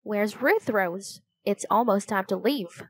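A woman's voice: medium pitch, slow, husky, no room sound. A woman voicing a playful boy who grumbles and jokes, in a children's storybook reading. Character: boy, joking and a bit whiny.

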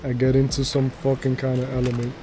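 A man streaming a game and rambling through casual, profane commentary, excitable and self-mocking. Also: medium pitch, fast, over music.

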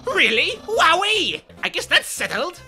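Give me a man doing a high, swooping, eager skeleton, naive and loud. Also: wildly swooping pitch, unhurried, soft background music, exaggerated voice. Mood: excited. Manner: eager, exclamatory. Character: excitable tall skeleton brother, loud and naive.

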